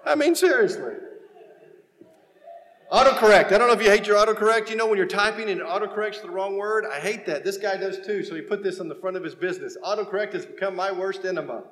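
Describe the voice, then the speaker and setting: Man, high voice, lively church comedy talk, echoey hall with long reverb. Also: quick pace. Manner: animated storytelling with quoted voices and punchlines. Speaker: guest speaker at a church. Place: large church sanctuary. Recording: echoey hall, faint noise.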